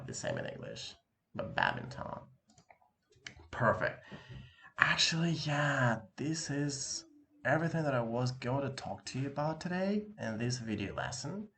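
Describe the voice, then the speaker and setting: A man teaching an online language lesson, lively and encouraging, talking casually with slang to his viewer from a room with an open window. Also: mid-range voice, normal speed, creaky, slight background noise. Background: dog barking outside.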